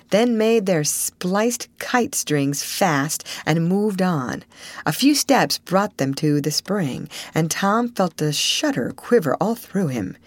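A woman narrating a classic novel aloud in a measured, expressive storytelling manner. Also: low-pitched, no room sound. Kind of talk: audiobook reading of a classic novel.

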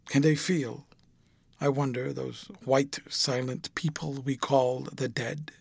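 A man's voice: medium pitch, level tone, takes it slowly, gravelly, darkish tone, breathy edge, dry recording, exaggerated voice. A man reading an audiobook, voicing an anguished, passionate young man with a dramatic, emotional delivery. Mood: brooding.

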